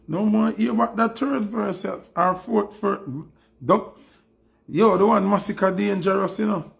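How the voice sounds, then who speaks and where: A man's voice: sits high, expressive, measured pace, vocal fry, breathy edge. A man with a Jamaican accent giving a heated, taunting commentary monologue, mixing patois with English. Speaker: dancehall commentator.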